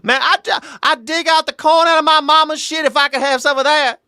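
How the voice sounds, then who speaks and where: A man voicing a loud, crude Southern male friend with an exaggerated South Carolina drawl. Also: very high voice, fairly even intonation, a little fast, no echo, studio quality, pitched above the performer's own voice, full character voice. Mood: hollering.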